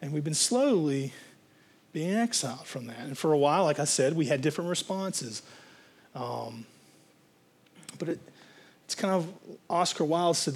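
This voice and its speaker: A man's voice: fairly high pitch, animated, moderate pace, pauses often, husky. A man preaching a sermon as a pastor, in a conversational, rambling way with fillers and restarts.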